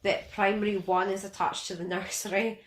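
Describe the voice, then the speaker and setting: A woman's voice: mid-range voice, brisk, roomy sound. A Scottish woman in her thirties, co-hosting a podcast and telling stories in casual chat. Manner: animated storyteller, laughs a lot. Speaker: podcast co-host.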